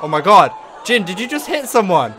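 Excitable young man reacting to videos. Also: high voice, fairly quick, a crowd in the background, noisy background. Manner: excitable, rambling, full of "like" and "oh my god". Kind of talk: casual reaction commentary.

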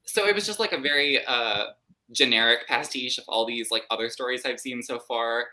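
A woman with a low but bright, sharp-edged voice hosts a live book club discussion. She tells the story bluntly and swears freely, putting on mock voices as she goes. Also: fairly quick. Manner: blunt, profane, animated retelling with mock voices.

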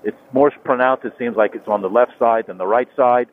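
A man chats while riding his motorcycle, rambling and circling back with plenty of "uh"s and restarts. His voice sits at an ordinary middle pitch. The sound is thin and phone-like from a helmet mic, with faint road hiss underneath. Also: a little fast. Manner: rambling, repeats himself, many fillers and restarts. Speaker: motorcycle vlogger. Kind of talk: casual talk while riding. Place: on a motorcycle on a rural highway.

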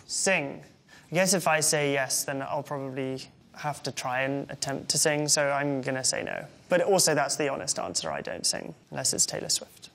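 A man's voice: fairly high pitch, vocal fry, fairly bright tone, slight background noise. A man in his twenties with an English accent reads questions aloud and answers them with wry, self-deprecating humor. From England. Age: 20s. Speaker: interviewee.

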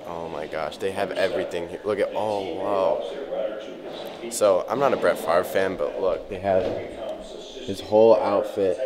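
A man vlogging with a handheld camera as he walks a museum hall, gushing with excitement. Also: deep voice. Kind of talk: casual vlog commentary. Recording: noisy background.

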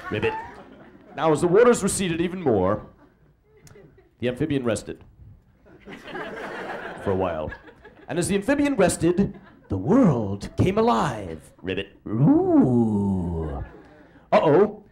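A man performing comic theatrical narration on a live stage, with a drawn-out, mock-solemn delivery. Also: fairly high pitch, huge pitch swings, darkish tone.

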